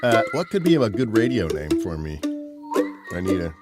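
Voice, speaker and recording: A man's voice: low-pitched, sing-song, moderate pace, loud music behind the voice. A man hosting a podcast, chatting casually and rambling a bit between topics. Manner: rambling, with fillers. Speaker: podcast host. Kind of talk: casual chat.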